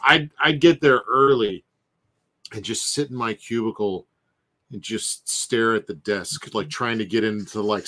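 A man's voice: fairly low pitch, a little hiss or hum. A man chatting casually while drawing on a stream, telling stories and mimicking callers. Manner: animated storyteller, mimics callers. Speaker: co-host artist.

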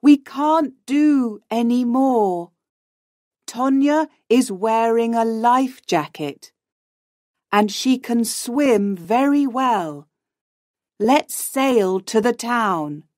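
A woman voicing a practical, urgent young man, read slowly and clearly. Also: a little high, darkish tone, no room sound, clean studio sound, pitched above the performer's own voice. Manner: slow, clear reading.

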